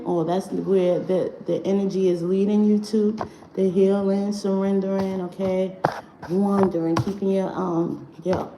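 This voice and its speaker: A woman hosting a casual spiritual livestream from home, talking in an animated, profane way and laughing often. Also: fairly low pitch. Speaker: livestream host. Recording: echoey room, faint background noise.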